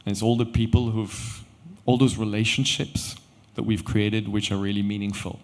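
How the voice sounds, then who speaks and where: A middle-aged man, a company founder, telling a story on stage with animated quoted dialogue. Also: fairly low pitch, normal speed. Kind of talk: conference storytelling talk. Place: event stage.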